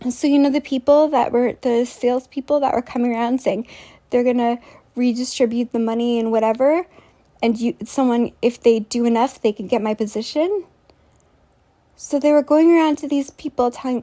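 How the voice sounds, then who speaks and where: A woman with a notably high-pitched voice tells a long, rambling story to her viewers. She sounds incredulous and scornful, and she keeps breaking off to ask her audience questions directly. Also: fairly even intonation, normal speed, warm tone. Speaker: vlogger.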